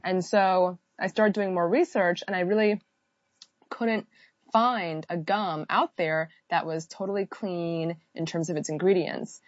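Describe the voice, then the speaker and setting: A woman's voice: lowish voice, steady tone, a little slow, no echo, lo-fi sound. A woman who founded a company, answering interview questions fluently and explaining her work at length. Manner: fluent, explanatory, many "so" openers.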